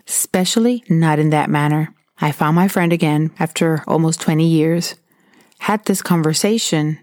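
A woman's voice: low voice, a little mellow, dry recording, studio quality. A woman talking earnestly and candidly, sharing her own experiences as advice. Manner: earnest and candid, recounting personal stories. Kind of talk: personal advice talk.

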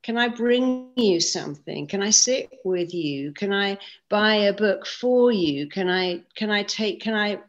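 Woman guest, mid-pitched, chatty storyteller who acts out quotes; dull lo-fi mic. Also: measured pace. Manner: lively, acts out quoted speech. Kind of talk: conversational storytelling. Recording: dull lo-fi sound.

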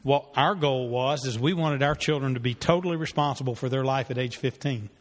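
A man's voice: mid-range voice, brisk. Man teaching in a reverberant hall. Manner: earnest, conversational, with fillers and restarts. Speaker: pastor teaching a parenting class. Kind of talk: sermon-style teaching with a story.

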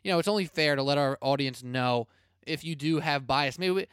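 A man hosting a sports podcast, energetic, blunt and chatty. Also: fairly high pitch, normal speed, smooth, dry recording, clean studio sound. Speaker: podcast host. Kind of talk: casual sports podcast talk.

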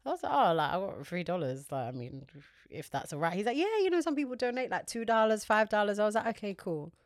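A woman's voice: mid-range voice, fast talker, dry recording, studio quality. A woman with a London accent, a podcast co-host chatting casually and acting out the dialogue in her stories. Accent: London English. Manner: animated storytelling, acts out dialogue. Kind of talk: casual chat.

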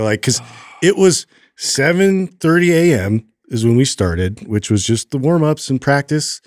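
A man co-hosting a podcast, telling a long story in a casual, rambling way with many fillers and animated retellings. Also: a little high, normal speed, dry recording, studio quality. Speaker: podcast co-host.

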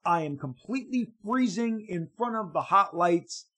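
A man, a comic book artist, telling an anecdote to his viewers in an excitable way, stumbling and repeating words as he goes. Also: sits high, moderate pace, poor audio. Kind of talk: casual storytelling to viewers.

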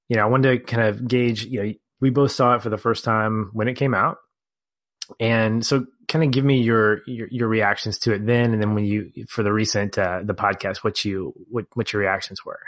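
A man's voice: mid-range voice, a bit bright, no echo. A man hosting a film podcast, upbeat and giggly, rambling a little as he leads the conversation. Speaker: podcast host. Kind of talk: casual podcast chat.

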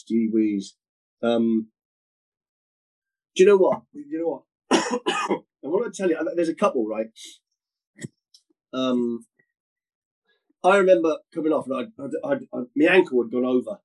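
A middle-aged man, a former footballer, telling lively anecdotes as a guest, often repeating words and slipping into quoted voices. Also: medium pitch, a little slow, long pauses, low-quality recording. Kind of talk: storytelling anecdotes in conversation.

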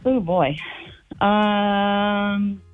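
A woman's voice: medium pitch, steady tone, very slow, clean tone, phone-quality sound, soft background music. A woman calling in to a radio quiz, giving hesitant, unsure answers. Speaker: contest caller.

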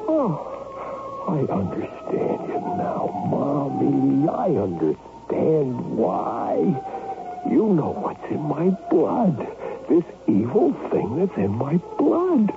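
Brief: obsessive unstable son, 1970s radio drama, wild pitch swings. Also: male voice, huge pitch swings, slow, gravelly, exaggerated voice. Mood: raving. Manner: swings from sullen to raving and whispering. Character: troubled grown son, fixated on tainted blood. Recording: tinny old radio broadcast with music.

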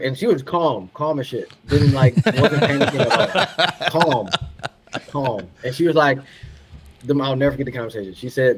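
A man's voice: mid-range voice, moderate pace, husky, low-quality recording. Laid-back man telling a story. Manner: laid-back, laughs often, repeats phrases for emphasis. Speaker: podcast guest, retired pro soccer player. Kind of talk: casual storytelling.

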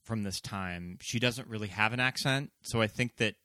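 A man on a podcast panel gives calm, reasoned takes on a film and stops to look facts up. His voice is bright and forward, recorded dry and close. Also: lowish voice, no room sound. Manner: measured, reasoned, fact-checking. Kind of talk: casual movie discussion.

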